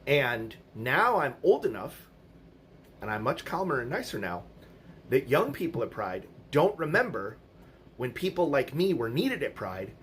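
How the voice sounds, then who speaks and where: A middle-aged male vlogger delivers a casual monologue of stories, blunt and profane, quoting other people's voices along the way. His mid-range voice is very animated, slightly slow and fairly bright. There's a little background noise.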